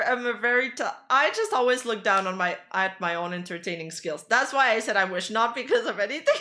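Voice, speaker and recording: A woman streamer giving casual reaction commentary, chatty, self-deprecating and quick to defend herself. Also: a little high, lively intonation, pushed and bright.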